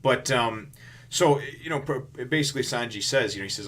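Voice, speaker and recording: A man's voice: medium pitch, moderate pace, a bit bright, slight background noise. A man reviewing a comic chapter in casual, rambling commentary, full of restarts and "you know".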